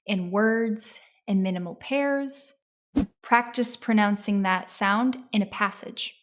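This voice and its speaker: A woman giving a scripted pronunciation lesson, explaining step by step in a clear, encouraging way. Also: medium pitch, takes it slowly. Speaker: English teacher.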